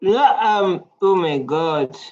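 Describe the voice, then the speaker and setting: A man's voice: high-pitched, expressive, slow, a little mellow. Man, reaction vlog host, repetitive casual rambling, coughing, muffled lo-fi sound. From South Africa. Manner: rambling, repeats phrases, frequent exclamations.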